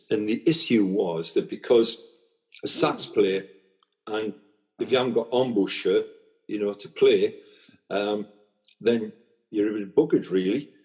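A man's voice: lowish voice, a little mellow, husky. A man hosting a casual chat, reflecting conversationally and stammering on his restarts.

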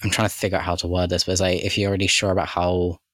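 Deep-voiced rambling podcast co-host man. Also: little pitch movement, rapid-fire, a bit bright, no room sound. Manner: rambling, heavy use of "like" and "kind of". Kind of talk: casual chat.

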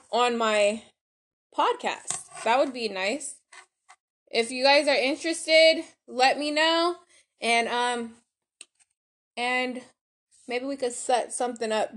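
A woman's voice: high-pitched, bright, forceful tone. A woman hosting a podcast, chatting casually to her listeners while she cooks. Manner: chatty, addresses listeners as y'all. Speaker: podcast host. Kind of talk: casual chat while cooking.

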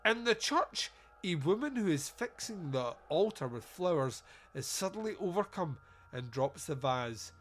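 A podcast host gives a casual, comedic movie review, swearing, joking, and laughing at his own lines. His voice is fairly high and very animated, though his pace is measured. There is slight background noise.

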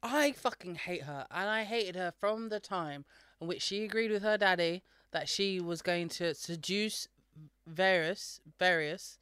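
A woman co-hosting a podcast, talking loudly, teasing and swearing freely in casual chat. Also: on the low side, measured pace, clear, resonant tone, no room sound. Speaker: podcast co-host.

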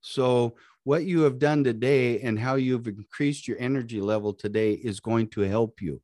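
A man's voice: medium pitch, normal speed, a little mellow, dry recording, studio quality. A man co-hosting a live podcast, talking in a motivational, preachy, encouraging way. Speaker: podcast co-host.

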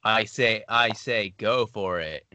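A man's voice: on the low side, slow, bright, forceful tone, dry recording. A man co-hosting a podcast in loose, jokey conversation, often laughing and tripping over repeated words. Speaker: podcast co-host. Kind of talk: casual comedic chat.

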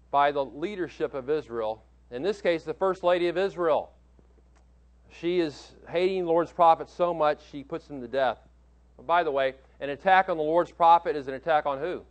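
A man preaching a sermon as pastor, emphatic, repeating key phrases and posing questions to his listeners, often correcting himself mid-sentence. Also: a little high. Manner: frequent restarts and self-corrections.

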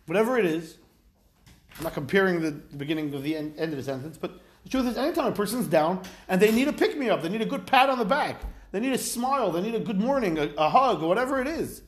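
A man giving an informal Torah class, talking in a conversational way. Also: high voice. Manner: lively, conversational, mixes Hebrew phrases into English. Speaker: Torah teacher.

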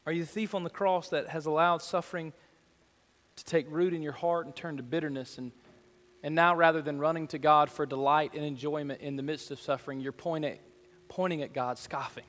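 Earnest pastor in a reverberant sanctuary. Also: male voice, on the high side, fairly even intonation, brisk, a bit bright. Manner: earnest, building to fervent prayer. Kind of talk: sermon. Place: church sanctuary.

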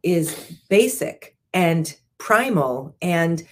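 A woman who is a chief executive and hosts the show, reading a book aloud in a measured way and adding her own asides. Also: on the low side, lively intonation. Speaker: host, CEO. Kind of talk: reading a book aloud, then casual discussion.

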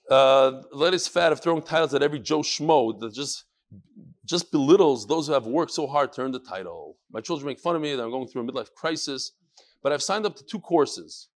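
A man hosting a casual chat show, reading listener emails aloud with joking asides. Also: mid-range voice.

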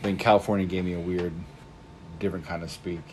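A man with an Idaho accent and a somewhat low voice chats in a relaxed way. He jokes easily in a casual podcast talk. Faint noise sits behind him. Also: quick pace.

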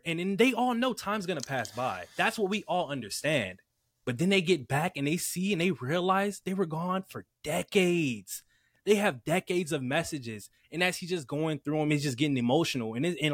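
Excitable man rambling on a podcast. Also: a little high, moderate pace, no echo, studio quality. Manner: rambling, excitable, filler-heavy. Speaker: podcast co-host. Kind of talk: casual chat.

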